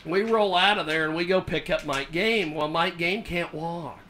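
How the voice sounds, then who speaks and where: A man hosting a talk radio show, telling a story in a relaxed, animated way, acting out what others said and laughing often. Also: on the high side, moderate pace, a crowd in the background.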